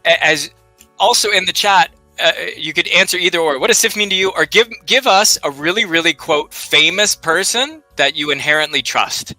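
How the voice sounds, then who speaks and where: A man's voice: sits high, normal speed, sharp tone, no room sound, soft background music. A man co-hosting a live library research show, talking casually and animatedly, throwing rhetorical questions and jokes at the audience. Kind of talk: casual live instructional chat.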